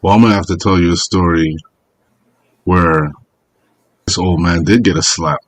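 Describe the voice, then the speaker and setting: A man's voice: deep voice, moderate pace, no room sound. A man on a live panel show, teasing another panelist and jumping in with jokes. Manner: teasing, joking. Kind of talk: casual live panel chat.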